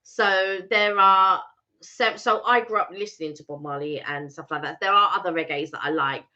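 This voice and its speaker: Female stream co-host, bright and crisp tone, casual rambling, dull audio. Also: lowish voice, moderate pace. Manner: chatty, rambling with restarts. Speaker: livestream co-host. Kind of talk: casual live chat.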